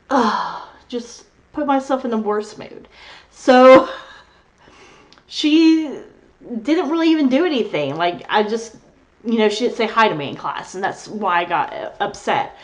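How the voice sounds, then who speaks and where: A young adult woman vlogging, telling a rambling story in casual chat and laughing as she goes. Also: medium pitch. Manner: candid, rambling, laughs through her story.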